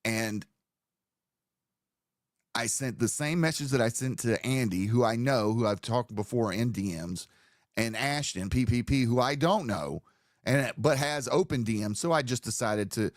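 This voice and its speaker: Male stream host, loose profane rambling talk, mid pitch, dry close sound. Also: a little slow, no room sound. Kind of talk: live stream commentary.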